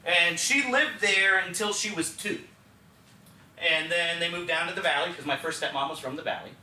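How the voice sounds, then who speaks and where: In a one-man show, a young man from Texas, USA, tells his life story on stage and confides in the audience in a high, bright, lively voice at a moderate pace. He's picked up from a distance in a roomy theatre, with faint noise in the background.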